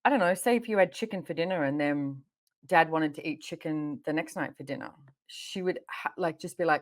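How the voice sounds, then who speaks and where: Low-pitched female host; lively, anecdotal, conversational interview delivery. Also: brisk. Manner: animated storytelling, frequent laughter. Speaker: podcast host.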